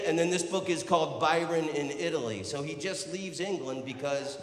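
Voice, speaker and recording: An American man doing live stand-up comedy, brash and profane, yelling to rouse the crowd. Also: fairly high pitch, moderate pace, hardly any pauses, a little hiss or hum. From United States. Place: stage in a large hall. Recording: roomy live hall reverb.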